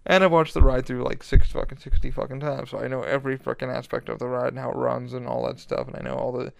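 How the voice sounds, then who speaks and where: A man hosting a podcast, talking in a rambling, excitable way and swearing a lot. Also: medium pitch, fast talker, vocal fry, no room sound. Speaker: podcast host. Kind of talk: casual monologue.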